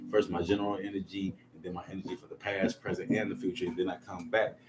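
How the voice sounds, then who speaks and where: Laid-back deep-voiced man reading tarot. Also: fairly even intonation, fast, noisy background. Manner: laid-back, slangy, rambling. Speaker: tarot reader. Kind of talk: casual tarot reading to camera. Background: lo-fi music playlist.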